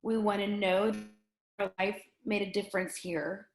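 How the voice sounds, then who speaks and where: A middle-aged woman speaking earnestly and emotionally as an interview guest, often halting and restarting her sentences. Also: medium pitch, level tone, echoey room. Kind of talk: candid conversation.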